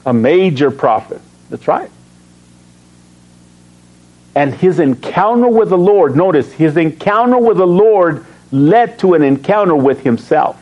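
A man's voice: a little high, a little slow, muffled recording. A man preaching a sermon as pastor, reading scripture aloud and asking his congregation questions, chuckling between points. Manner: animated, asks the congregation questions and answers himself.

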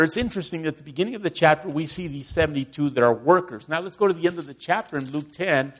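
A man's voice: on the high side, a bit bright. A middle-aged man from Texas preaching a conversational sermon and asking his listeners questions. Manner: conversational, asks the congregation questions.

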